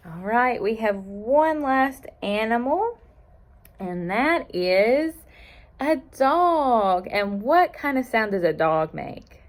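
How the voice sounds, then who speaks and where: Slow-talking woman leading children's storytime. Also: on the high side, lively intonation. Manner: cheerful, speaks to small children, invites answers.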